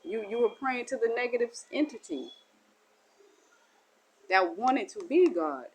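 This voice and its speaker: A woman's voice: on the high side, animated, unhurried, slight background noise, poor audio. A woman delivering a spiritual monologue as a teacher, in a meandering, repetitive and folksy way. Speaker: self-styled spiritual teacher.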